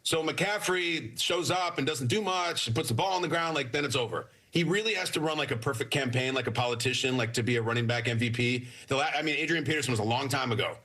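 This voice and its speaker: Brief: emphatic male sports co-host, bright forceful tone, husky edge. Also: medium pitch, quick pace, hardly any pauses. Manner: emphatic, argues his case hard. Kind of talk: animated sports debate.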